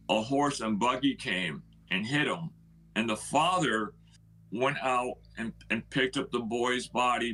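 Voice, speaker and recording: A middle-aged man with a husky, slightly breathy voice tells a long story from his own life. He speaks at an ordinary pitch and pace. He keeps it earnest and acts out what other people said. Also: fairly bright tone, low-quality recording. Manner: earnest storyteller who acts out quoted speech. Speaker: house owner telling its history. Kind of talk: storytelling on a live stream.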